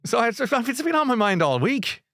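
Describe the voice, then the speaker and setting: A man's voice: extremely high pitch, sing-song, normal speed, fairly bright tone. A middle-aged Irish man hosting a live podcast, rambling in a chatty, easygoing way and laughing often. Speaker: podcast host. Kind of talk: casual live chat.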